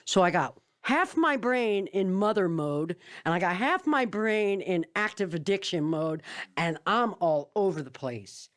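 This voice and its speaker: A woman's voice: fairly low pitch, animated, measured pace. Middle-aged woman guest, plainspoken and profane, recounting her life frankly in casual conversation. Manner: blunt and profane, speaks openly. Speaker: podcast guest. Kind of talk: candid conversational storytelling.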